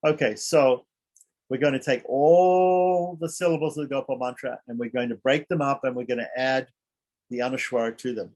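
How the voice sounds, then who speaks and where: A man teaching a scripture class, thinking aloud with frequent restarts and slowly chanting mantra syllables as he explains them. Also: mid-range voice, fairly even intonation, a little mellow.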